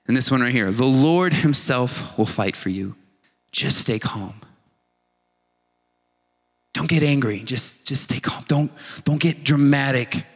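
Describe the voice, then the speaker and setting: A man preaching a casual, animated sermon, acting out short voiced asides as he tells the story. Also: mid-range voice, slow, pauses often, in a large hall.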